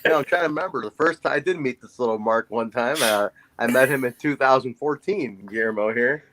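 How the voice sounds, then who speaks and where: Here a podcast co-host in his forties, speaking in a mid-range voice at a fairly quick clip, narrates a story in easygoing chat. He is an animated teller who voices the people he describes, and the audio is poor.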